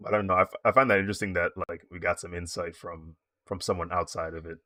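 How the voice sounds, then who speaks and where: A man casually chatting with his stream viewers while he draws, in a relaxed, rambling way with frequent laughs. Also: low voice, fast talker, dry recording, studio quality. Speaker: streaming digital artist.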